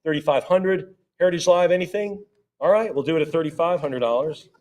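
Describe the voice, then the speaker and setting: A man working as an auctioneer at a live sale, rattling off rising bids in quick repeated calls and breaking off for friendly asides about the items. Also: a little high, a little mellow. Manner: rapid repetitive bid calling with chatty asides.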